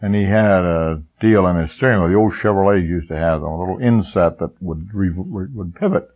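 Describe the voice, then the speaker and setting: A man's voice: deep voice, normal speed, darkish tone, rough recording. An older man preaching a folksy, rambling sermon, telling homespun stories between points. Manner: folksy, rambling storyteller with chuckles.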